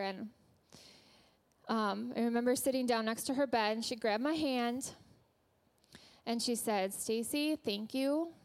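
A woman preaching in a church with an earnest, gentle storytelling manner. Her voice sits a little high, and she speaks slowly and deliberately, lingering over each phrase. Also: smooth. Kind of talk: sermon.

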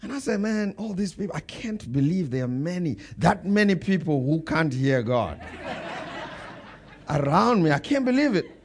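A man preaching from the pulpit with a fairly high voice. He tells stories in a relaxed, conversational way, then slows down and drives his points home with emphatic bursts. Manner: storytelling, builds to emphatic bursts. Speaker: pastor. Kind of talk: sermon.

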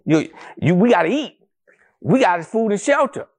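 Man preaching a sermon at church, animated, keeps asking the crowd questions, chatty style. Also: high voice, moderate pace. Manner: addresses the congregation as family, calls for responses. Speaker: pastor. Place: church service with a congregation.

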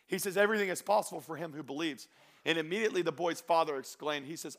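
Male pastor, sermon, bright, slightly high voice, loud and then soft, slow drawn-out emphasis. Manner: swings from loud shouted exhortation to low quiet storytelling; slows down and stretches phrases for emphasis.

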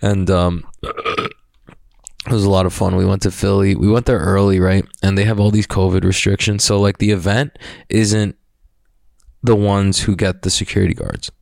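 Low gravelly guy rambling on his podcast, swears a lot, keeps laughing, dry close sound. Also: level tone, moderate pace, long pauses, a little mellow, dry recording. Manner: loose and profane, laughs often. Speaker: podcast host. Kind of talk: casual rambling monologue.

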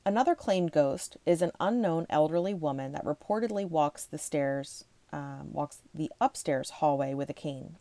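A woman casually reading ghost stories aloud to her viewers, rushing, tripping over words and breaking off for chatty asides. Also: deep voice, dark tone, no echo. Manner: chatty, reads fast, stumbles and laughs at herself. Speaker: ghost-story video host.

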